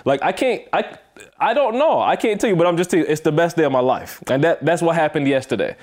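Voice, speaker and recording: A man hosts a motivational podcast in a relaxed, conversational way. His voice sits a little high for a man. He talks with emphasis and keeps repeating his key lines to make them land. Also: fast. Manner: emphatic, repeats himself for stress. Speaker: podcast host. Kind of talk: casual motivational podcast talk.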